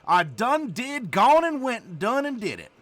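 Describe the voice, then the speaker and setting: A folksy backwoods bumpkin with a thick, exaggerated Southern US drawl, as a man puts him on. He talks high and slow, swooping up and down as he mangles his grammar, and his tone is bright and sharp. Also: sing-song, dry recording, full character voice. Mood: hammy. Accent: exaggerated Southern US drawl, put on. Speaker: host doing a joke voice. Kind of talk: comic bit in a game-rules discussion.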